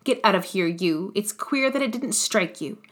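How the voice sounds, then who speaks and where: A woman's voice: mid-range voice, animated, moderate pace, close to an everyday voice. A woman reading a scheming, domineering poor man in an audiobook, with emphatic, triumphant delivery. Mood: gloating.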